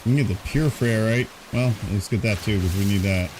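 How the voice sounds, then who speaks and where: A man casually commenting on his own gameplay for a live stream, thinking aloud, yawning and drowsy in a warm room at home. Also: on the low side, brisk, noisy background. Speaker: gaming streamer.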